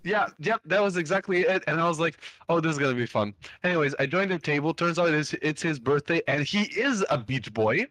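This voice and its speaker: A young man tells a long story on a podcast, casual storytelling among friends, rambling loosely with lots of fillers and offhand swearing. His voice is on the high side and a bit bright, a little fast with few pauses. There's no echo.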